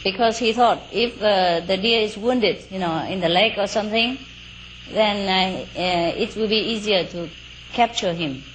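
Woman telling a story real slow, chatty asides, faint crickets in the background. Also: mid-range voice, poor audio. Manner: unhurried, chatty asides with fillers and little laughs. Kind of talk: casual oral storytelling. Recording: faint outdoor cricket noise.

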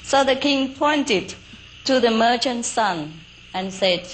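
A woman telling a folk tale aloud in a relaxed, unhurried way, with chatty asides, fillers and small laughs. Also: on the high side, low-quality recording. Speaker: storyteller. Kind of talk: casual oral storytelling. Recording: faint outdoor cricket noise.

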